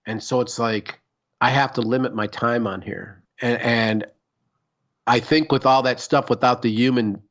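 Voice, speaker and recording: Man, podcast co-host, casual chat, rambling, emphatic, swears a lot, mid pitch, dull lo-fi sound. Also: steady tone, a little slow, a bit bright.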